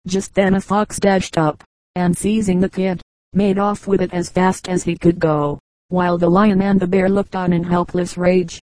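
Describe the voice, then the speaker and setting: A woman reading fables aloud as an audiobook narrator, measured and even, on a close mic. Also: lowish voice, no echo, poor audio. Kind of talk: scripted storybook narration.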